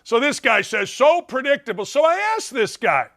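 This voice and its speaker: A middle-aged sports talk show host speaks in a very high, bright, sing-song voice at normal speed. He rants with strong opinions, firing off rhetorical questions in a forceful, emphatic tone throughout.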